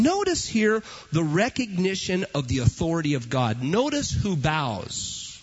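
Husky, animated male preacher. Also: a little high, measured pace, few pauses. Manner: emphatic, repetitive preaching. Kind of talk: sermon. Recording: dull lo-fi recording.

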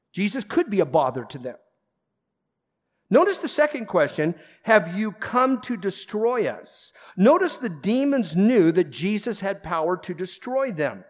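Emphatic male pastor, rather high voice. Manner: emphatic, conversational preaching with sudden loud peaks and quiet asides. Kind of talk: sermon.

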